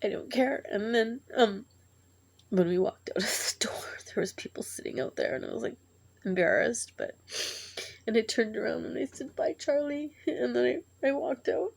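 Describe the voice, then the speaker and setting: A woman telling a tearful personal story in a halting, emotional way, sighing and breaking off as she grieves. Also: on the high side, gravelly. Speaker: vlogger.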